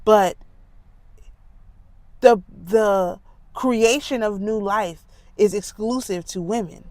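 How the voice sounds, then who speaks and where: A woman talking casually and emphatically in an indignant, animated monologue, with a congested voice. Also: medium pitch, slow pace, no room sound. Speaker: spiritual commentator.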